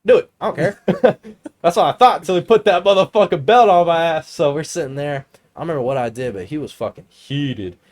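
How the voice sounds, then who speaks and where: A man's voice: a little high, brisk, a little mellow. A man in his twenties, a podcast co-host, telling rambling, profane stories in casual chat and laughing often.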